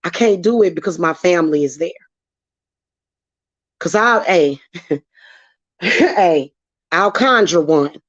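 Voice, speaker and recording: A woman's voice: lowish voice, expressive, slow pace, long pauses, no room sound. Heated, swearing woman venting on a vlog. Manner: heated, profane, emotional ranting. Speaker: witchcraft vlogger. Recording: dull, dry lo-fi sound.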